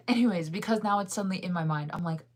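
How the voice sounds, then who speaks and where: Young woman, lowish voice, casual vlog chatter, crisp enunciation, frequent laughs. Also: fast. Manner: enunciates words fully and crisply; rambling, chatty, laughs often. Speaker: vlogger. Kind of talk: casual chat to viewers.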